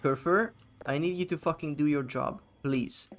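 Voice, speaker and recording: A man's voice: a little high, normal speed, fairly bright tone, slight background noise. Sarcastic swearing male game streamer. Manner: sarcastic, swearing, joking with chat. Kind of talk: casual live gameplay commentary.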